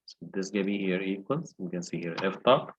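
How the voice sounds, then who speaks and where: Husky, low-voiced man lecturing step by step. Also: a little fast, lo-fi sound. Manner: explains step by step, asking the class questions. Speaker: engineering lecturer. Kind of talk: recorded lecture walkthrough.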